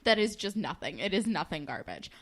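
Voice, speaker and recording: A young woman co-hosting a podcast, casually recapping a TV episode with animated, opinionated, exasperated remarks. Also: lowish voice, fairly quick. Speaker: podcast co-host.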